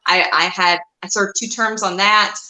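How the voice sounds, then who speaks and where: A woman guest on a podcast, chatting casually and telling animated stories, often laughing and acting out the voices of people in her stories. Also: mid-range voice, normal speed, roomy sound, rough recording. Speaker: guest, cat and reptile breeder.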